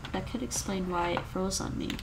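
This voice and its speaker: This woman's mid-range voice carries vocal fry, and the recording is very noisy. She's casually chatting on a language-learning livestream, repeating words after an app for pronunciation practice, laughing frequently and sniffling from a cold.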